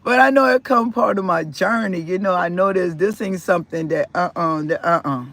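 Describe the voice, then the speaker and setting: A man vlogging casually about his life, rambling with restarts and repeated words, and swinging in loudness and pitch as he talks. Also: normal speed, vocal fry, dry recording. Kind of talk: casual personal storytelling.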